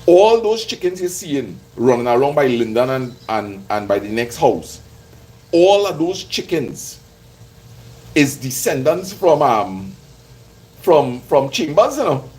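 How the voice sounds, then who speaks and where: The Trinidadian streamer takes it slowly as he cooks and jokes with his live audience, his medium-pitched voice swinging widely in pitch. The tone is a little mellow, the audio is poor, and frying sizzles throughout.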